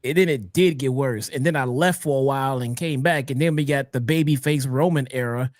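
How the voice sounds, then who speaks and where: A man's voice: mid-range voice, fairly quick, no echo, studio quality. Laid-back, hesitant podcast co-host man. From Chicago area. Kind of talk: casual podcast chat.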